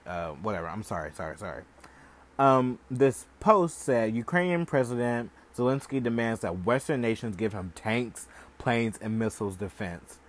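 A young man hosts a podcast and vents his opinions in a loose, heated rant. He swears often and leans on "like" between nearly every phrase. His voice sits at an ordinary middle pitch. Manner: heated, profane, heavy use of "like". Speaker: podcast host. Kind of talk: casual ranting commentary.

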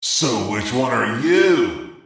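A man voicing a menacing, demonic young man with a deep, taunting voice. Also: sing-song, slow pace, a bit bright, heavy reverb, exaggerated voice. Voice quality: gravelly, taunting.

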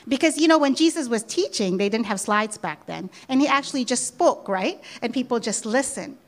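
A woman's voice: fairly high pitch, lively intonation, moderate pace. Conversational woman preaching a sermon. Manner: conversational, repeats key phrases with emphasis.

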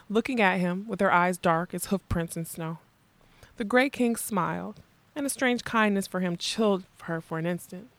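A woman narrating a fantasy novel in a measured, expressive storytelling voice. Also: mid-range voice, no room sound. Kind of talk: audiobook reading of a fantasy novel.

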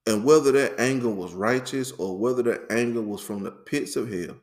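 A man co-hosting a faith talk, telling his story in a lively, repetitive, conversational way full of slang. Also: medium pitch, moderate pace, hardly any pauses. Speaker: faith podcast co-host.

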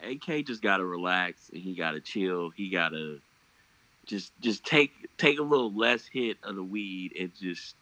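Bright-voiced man in casual league chat. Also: deep voice, expressive, moderate pace, rough recording. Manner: joking, profane, trails off into fillers. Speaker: podcast host. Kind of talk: casual fantasy football chat.

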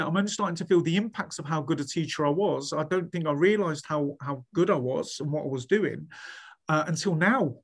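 A man, a head teacher being interviewed, chatting animatedly with many restarts and acting out what others said. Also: on the high side. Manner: animated storyteller, many restarts, acts out quoted speech. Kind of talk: casual podcast interview.

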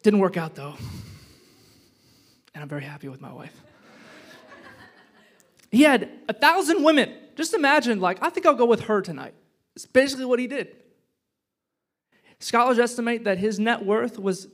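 Pastor, male, high voice, casual sermon, jokey then hushed. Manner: conversational and joking, swinging between loud punchy lines and hushed reflective ones.

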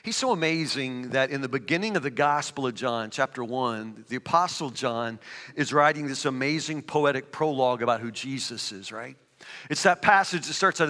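A man's voice: fairly high pitch, animated, normal speed, bright, forceful tone. A man preaching a sermon, reading scripture aloud and then building to emphatic, rising preaching. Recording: reverberant hall.

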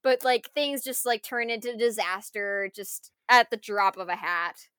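Bright, crisp-voiced woman chatting. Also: fairly high pitch, a little slow, no echo. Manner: animated, full of fillers, laughs often. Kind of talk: casual chat recapping a film scene.

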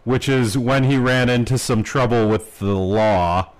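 A man's voice: medium pitch, measured pace, low-quality recording. A man co-hosting a podcast, telling a story in a rambling, casual way with lots of fillers and swearing. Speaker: podcast co-host. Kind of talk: casual chat.

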